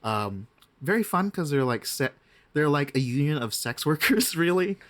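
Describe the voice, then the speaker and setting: A man's voice: on the high side, very animated. A man talking as a guest game master in a casual podcast interview, chatty, with many restarts and asides. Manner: chatty, frequent restarts and asides, slips into quick impressions.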